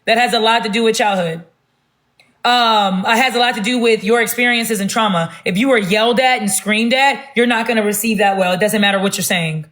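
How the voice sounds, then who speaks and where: A woman talking loudly and bluntly in a casual livestream rant on her phone. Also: on the high side, fairly quick. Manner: loud, blunt and emphatic.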